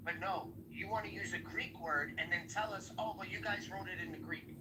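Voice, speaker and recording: A man with a New York accent arguing hard in a debate, loud and profane. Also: high voice, steady tone, moderate pace, background noise. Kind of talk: heated online debate.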